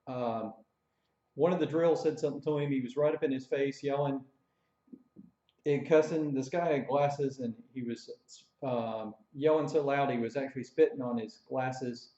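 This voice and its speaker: A man's voice: mid-range voice, normal speed, warm tone. A man casually telling an army story, rambling with fillers and self-corrections. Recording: dull echoey room recording.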